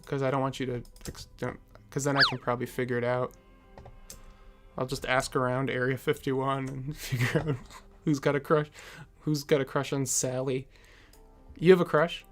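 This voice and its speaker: A man of middle pitch hosts a casual live stream, talking to his viewers as he answers their comments. He rambles and jokes, with plenty of fillers and little chuckles, while faint music and keyboard typing sit quietly behind him. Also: little pitch movement, moderate pace, pauses often.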